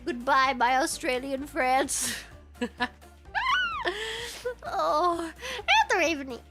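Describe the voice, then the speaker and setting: A woman's voice: sits high, drawn-out words, over loud music. A young woman streamer telling stories in a casual chat, giggling often. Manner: giggly, animated, breaks into laughter.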